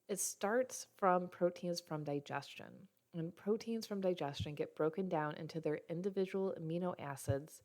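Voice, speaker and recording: Casual woman explaining health, lower voice. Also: a little mellow. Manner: casual, explanatory, slips and self-corrections. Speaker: health practitioner. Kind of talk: teaching health talk.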